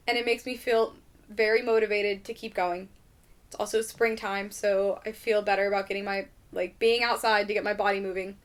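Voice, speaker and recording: A woman's voice: on the high side, a bit bright. A young adult woman hosting a podcast in casual chat, ranting animatedly and swearing a lot. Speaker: podcast host.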